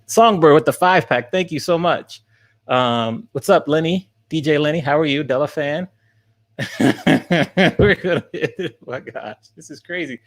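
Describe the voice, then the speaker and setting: An excited man hosts a live stream at a middle pitch. He laughs a lot between thank-yous and sounds overwhelmed with joy. He talks casually and warmly with his chat. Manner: excited, laughing often, thanking viewers by name. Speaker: streamer and college teacher.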